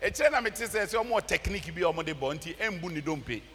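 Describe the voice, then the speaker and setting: A man with a Ghanaian accent preaching a sermon, animated, breaking into laughter and shouts. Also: high voice, fast talker, breathy edge, big-room sound. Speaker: pastor. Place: large church.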